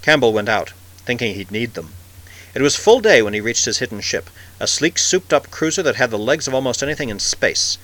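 A man narrating a science-fiction story in a measured, expressive reading. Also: medium pitch, low-quality recording. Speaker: audiobook narrator.

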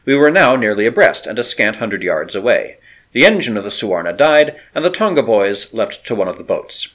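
A man's voice: fairly low pitch, sing-song, a little fast, fairly bright tone. A man narrating an adventure story with a dramatic, varied delivery. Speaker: audiobook narrator.

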